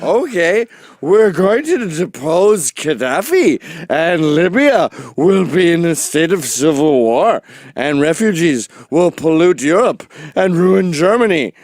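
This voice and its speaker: A man doing a slow, stiff impression of a weary older woman politician. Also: fairly high pitch, very animated, a little mellow, no echo, pitched above the performer's own voice, exaggerated voice. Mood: mocking.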